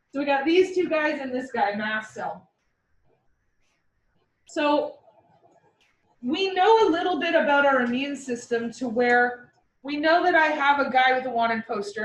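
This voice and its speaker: A woman teaching a class in a playful way, with vivid comparisons and quick mock voices, recorded from across the room. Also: high voice, recorded from a distance. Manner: playful, uses military metaphors and mock voices. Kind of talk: classroom lecture. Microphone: far from the mic. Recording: echoey classroom recorded from afar.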